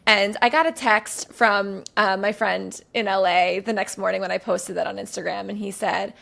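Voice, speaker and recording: A woman's voice: mid-range voice, fairly even intonation, normal speed, creaky, fairly bright tone. A woman hosting a podcast in casual interview chat, effusive and affirming toward her guest. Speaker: podcast host.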